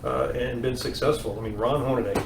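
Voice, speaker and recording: A man, a guest on a podcast, telling racing stories in relaxed conversation with a plain, easy delivery. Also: mid-range voice, quick pace, gravelly. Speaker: guest, race spotter and pilot. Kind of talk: casual podcast chat. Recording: roomy, distant mic, faint noise.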